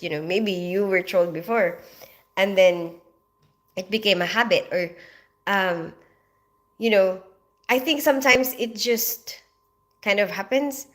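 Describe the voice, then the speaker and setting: A sleepy Filipino woman hosting a casual livestream, rambling with many fillers and frequent laughs as she reads out comments. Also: mid-range voice. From Philippines. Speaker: livestream host reading comments.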